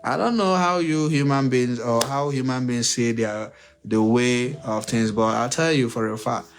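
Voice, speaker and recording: A man's voice: medium pitch, moderate pace, faint music behind. Preachy man lecturing his livestream audience. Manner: preachy, repetitive, uses rhetorical questions; addresses listeners directly and emphatically. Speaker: livestream relationship advice host. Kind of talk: unscripted livestream monologue.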